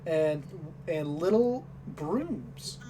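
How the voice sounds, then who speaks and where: Unhurried woman narrating as game master. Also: low voice, lively intonation, warm tone, far from the mic, slight background noise.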